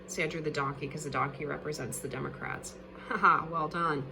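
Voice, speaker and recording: A chatty woman teacher walks through a casual video lesson, joking about her drawings and checking in with "okay?". Her voice is bright, with faint background noise. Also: low-pitched, fairly even intonation, fairly quick, creaky, poor audio.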